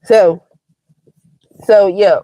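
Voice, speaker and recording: A woman's voice: medium pitch, extremely slow. A woman in her forties hosts a live stream and talks straight to her viewers. She is blunt and wry, swears without a second thought, and keeps her voice in an everyday middle range. The sound is dry and close, with no room echo. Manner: blunt and frank, swears freely, wry and expressive. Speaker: livestream host. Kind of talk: casual storytelling to viewers.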